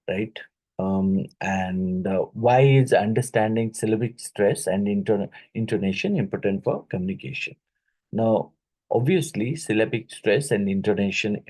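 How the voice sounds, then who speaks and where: A man teaching an exam-prep lesson, reading each question twice and pausing with fillers and "right?" tag questions. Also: lowish voice, darkish tone, slightly rough, poor audio. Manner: halting, with many fillers and "right?" tags; repeats each question aloud.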